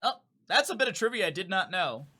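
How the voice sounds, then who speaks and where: A man casting a live esports match, calling fast play-by-play and wandering into chatty asides he shares with his chat. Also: sits high, husky. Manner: excitable, rambling asides between fast play-by-play; chatty, talks directly to chat. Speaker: esports caster.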